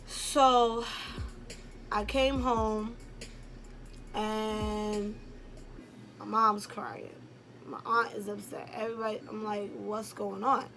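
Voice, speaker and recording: A woman's voice: medium pitch, little pitch movement, slow pace, pauses often, fairly bright tone, soft background music. A young woman from Brooklyn tells a personal story in a casual, rambling way, full of "like" and "um". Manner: candid and rambling, heavy on "like" and "um". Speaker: YouTuber telling a personal story.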